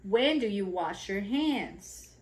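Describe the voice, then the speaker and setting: A woman reading a picture book to toddlers in a slow, sing-song way, acting out sneezes and sounds. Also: medium pitch, expressive, darkish tone. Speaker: children's educator reading aloud.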